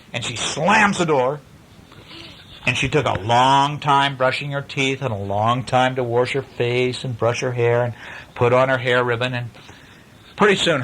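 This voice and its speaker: A father reading a picture book aloud to his young children, playful and animated, stopping to ask them questions. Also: mid-range voice, a little hiss or hum, poor audio.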